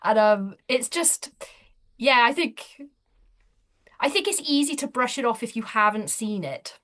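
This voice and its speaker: A woman in casual conversation, telling a personal anecdote with lively energy. Her voice sits somewhat high, and she often restarts sentences and stumbles over words. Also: a little slow. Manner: chatty, animated storytelling with frequent restarts. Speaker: author guest. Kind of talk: casual interview chat.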